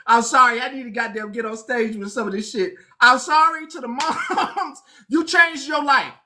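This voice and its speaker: A woman's voice: a little high, moderate pace, sharp tone. A woman host, chatting live, laughing through her words, swearing and apologizing over and over. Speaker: online show host. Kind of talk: casual live-stream chat.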